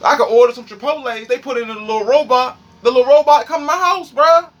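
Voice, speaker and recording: High-voiced rambling man with a D.C. accent. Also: quick pace. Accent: Washington, D.C. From Washington, D.C. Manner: rambling, profane, animated. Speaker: streamer. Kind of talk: rambling freestyle monologue.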